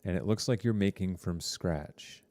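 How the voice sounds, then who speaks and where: This is a man running a high school TV production class, casually chatting to students over a live stream with plenty of fillers and wandering asides. He talks at a normal speed in a slightly mellow way, with no room sound.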